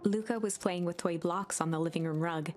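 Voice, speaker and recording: A woman streamer narrating a game like a calm, soft bedtime story. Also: lowish voice, a little fast, a little hiss or hum. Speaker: streamer reading a game aloud. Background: background music.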